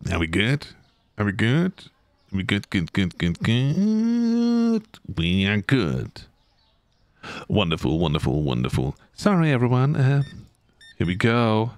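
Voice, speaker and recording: A man live-streaming a game, chatting loosely and playfully with his viewers. His voice sits on the low side and swings widely in pitch. He takes his time over each thought, and the sound is close and dry. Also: sing-song, unhurried, pauses often, no room sound. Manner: rambling, chats with viewers, playful. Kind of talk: casual live-stream chat.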